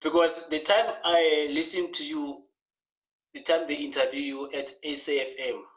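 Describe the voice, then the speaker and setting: A man in an online interview as the guest author, talking in an animated way, laughing and repeating words for emphasis. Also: a little high, normal speed, low-quality recording. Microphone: video call.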